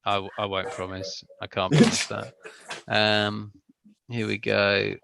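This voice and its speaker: A man's voice: on the low side, little pitch movement, unhurried, creaky, background noise. A man hosting a live build-along stream, chatty and greeting viewers as they join. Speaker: stream host and co-presenter. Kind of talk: casual live-stream chat.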